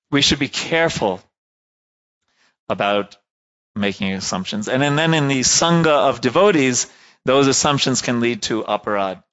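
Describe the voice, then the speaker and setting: In a lo-fi recording, a man with a slightly bright, somewhat low voice gives a casual classroom lecture. He speaks conversationally, often checks in with "right?", and stops to rephrase his points.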